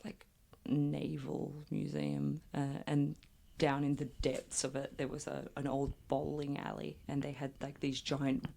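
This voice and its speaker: A woman's voice: sits low, monotone, measured pace, vocal fry, warm tone. An Australian woman in casual chat as a podcast guest, explaining slang in a chatty way with lots of "like".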